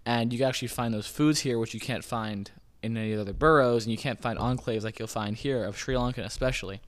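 Man, podcast host, casual explainer, mid pitch, loose rambling delivery. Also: quick pace. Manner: loose, rambling, full of "kind of" and "like". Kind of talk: casual informational talk.

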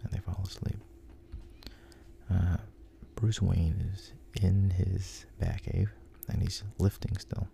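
A man softly retelling a story, unhurried, with frequent pauses and restarts. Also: low-pitched, flat delivery, vocal fry, a little hiss or hum. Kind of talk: whispered storytelling.

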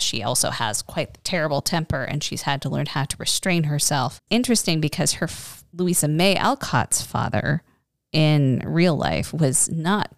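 Low-voiced chatty woman podcaster. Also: creaky, no room sound, clean studio sound. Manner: chatty, enthusiastic, digressive. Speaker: podcast co-host. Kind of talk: casual chat.

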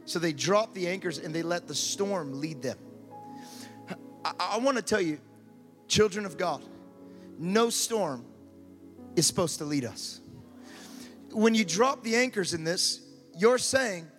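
In a sermon, a man with a high voice preaches with growing fervor, frequently repeating words as he builds to shouted appeals. He is unhurried, with long pauses and lively intonation, and faint music plays beneath him in a big-room sound.

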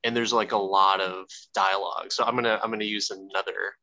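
A man with a lowish, bright voice talks in a loose, rambling podcast chat. He swears freely and often restarts his sentences. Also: level tone, brisk, poor audio. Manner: rambling, profane, full of restarts. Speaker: podcast co-host. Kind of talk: casual chat.

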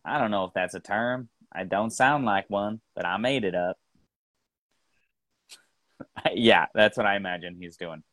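A man's voice: sits low, normal speed, pauses often, a bit bright, dry recording. A man co-hosting a podcast, chatting casually and joking around with lots of laughter. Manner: joking, laughs often, mock accents. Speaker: podcast co-host. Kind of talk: casual banter while drawing.

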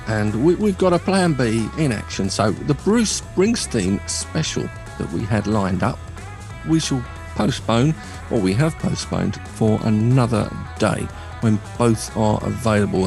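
A man's voice: medium pitch, creaky, a little mellow. A man hosting a radio show from a studio, bantering casually and joking with his co-host, rambling a little with filler words. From United Kingdom. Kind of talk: casual banter between co-hosts.

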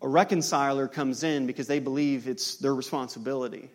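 A man preaching a sermon, telling stories with acted-out dialogue and building to loud, impassioned climaxes. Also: mid-range voice, steady tone, brisk. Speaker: pastor.

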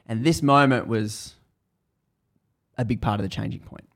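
A man with a gravelly, mid-pitched voice retells a book in a relaxed podcast chat. He tells it in animated bursts and leans into the tense moments. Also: moderate pace. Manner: animated storytelling, building tension. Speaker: podcast host. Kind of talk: casual book recap chat.

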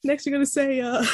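Woman, podcast co-host, animated, acts out lines, fairly high pitch, dry close mic. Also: no echo. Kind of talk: casual TV recap chat.

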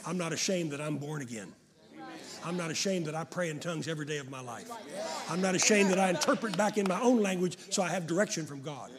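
An older man preaching a fervent sermon to a congregation, often rising to shouts. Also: fairly high pitch, fast talker, a crowd in the background. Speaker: pastor.

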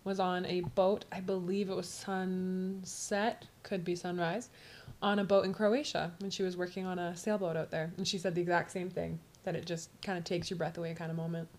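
A woman's voice: lowish voice, level tone, normal speed, darkish tone. A young adult woman hosting a podcast, asking chatty, curious questions in a casual interview. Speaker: podcast host.

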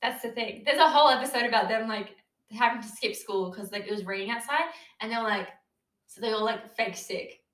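Young woman, slightly high voice, casual recap chatter full of "like" and quoted lines, roomy echo. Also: brisk, a bit bright. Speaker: co-host of a TV recap chat. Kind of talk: casual chat. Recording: echoey room.

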